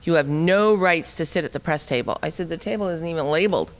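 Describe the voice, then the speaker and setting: A middle-aged woman giving an animated, wry storytelling talk at a forum, acting out the dialogue as she goes. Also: sits low, quick pace. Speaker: speaker at a liberty forum. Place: conference hall. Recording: long reverb of a hall.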